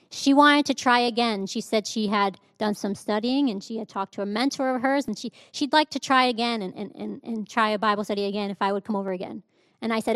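Woman in her 30s preaching, telling her own story, kinda high voice, dry close sound. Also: dry recording. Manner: candid storytelling with laughs and restarts. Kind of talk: sermon testimony.

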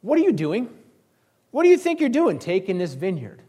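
A stern prophet scolding at the top of a raised, strained voice, fed up and loud. A male pastor puts him on with full exasperation behind every line. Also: sits high, wildly swooping pitch, normal speed, slightly rough, voice pushed up, full character voice.

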